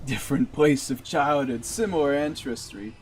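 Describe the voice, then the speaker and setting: A man's voice: mid-range voice, normal speed, a little mellow, slight background noise. A man streaming a game, chatting casually and rambling with lots of "like". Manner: rambling, heavy use of "like". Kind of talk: casual live-stream commentary.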